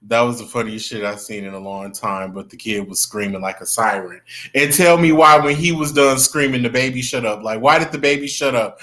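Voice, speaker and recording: Chatty, bright-voiced man on a livestream. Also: medium pitch, fairly quick. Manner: chatty, greets viewers by name, gossipy. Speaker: livestream host. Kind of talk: casual livestream chat.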